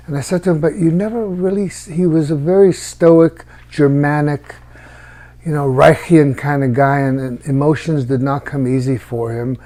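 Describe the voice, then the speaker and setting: Gravelly man telling a personal story. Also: fairly high pitch, darkish tone. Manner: halting, reflective, with restarts.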